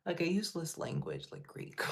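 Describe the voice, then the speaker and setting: Man livestream host, slow unhurried talk, gravelly fry, laid-back rambling chat. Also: on the high side, a little mellow. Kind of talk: casual live chat reading comments.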